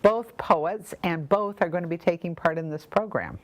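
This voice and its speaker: Cheery woman interviewer, lowish voice, friendly intro vibe. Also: normal speed. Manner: upbeat, welcoming. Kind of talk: interview, hosting.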